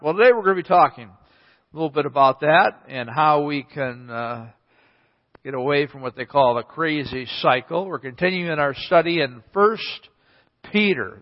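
Emphatic preacher in an echoey hall. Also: male voice, fairly high pitch. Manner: storytelling, emphatic, repeats for effect. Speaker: pastor. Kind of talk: sermon. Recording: echoey hall, slightly dull.

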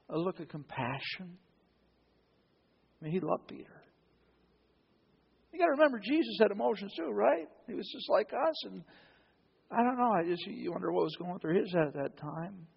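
A male pastor preaching with a high voice that swings widely up and down. He tells the story dramatically and acts out each quote. The recording is dull and lo-fi. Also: creaky, breathy edge. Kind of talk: sermon.

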